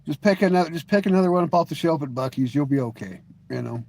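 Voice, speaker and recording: A middle-aged man hosts a live stream and chats casually with viewers in a slightly high, creaky, darkish voice, animated and quick. He rambles and jokes, restarting often and leaning on "you know."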